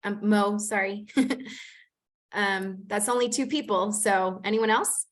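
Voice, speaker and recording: A woman city planner runs a community committee meeting over a video call. She talks in a chatty, easygoing way and fills her pauses with frequent ums. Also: medium pitch, fairly even intonation. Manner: warm, chatty, many "um"s. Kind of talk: online meeting facilitation.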